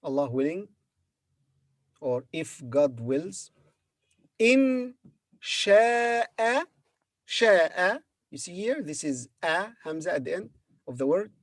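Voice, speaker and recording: Slow patient teacher, man. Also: on the high side, very animated, no room sound, clean studio sound. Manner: patient, repeats words slowly with hesitant fillers. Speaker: Arabic teacher. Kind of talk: slow spoken language lesson.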